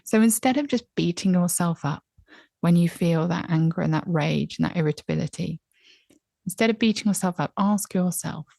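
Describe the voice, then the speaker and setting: A woman's voice: on the low side, vocal fry, darkish tone, no room sound, studio quality. A woman guest on an interview podcast, speaking candidly and acting out her own inner voice. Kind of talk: conversational interview. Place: home, on a laptop call.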